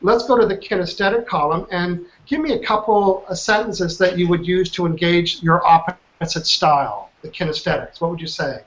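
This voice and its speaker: A man's voice: sits high, moderate pace, few pauses, fairly bright tone. A man leading an online coaching class, upbeat and chatty, often checking in with his students. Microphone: video call. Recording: muffled online call audio.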